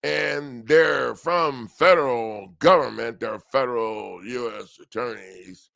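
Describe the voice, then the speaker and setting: A man's voice: mid-range voice, takes it slowly, creaky, a bit bright, dry recording, studio quality. An older man hosts a legal self-help livestream, rambling casually and joking at himself with frequent laughs.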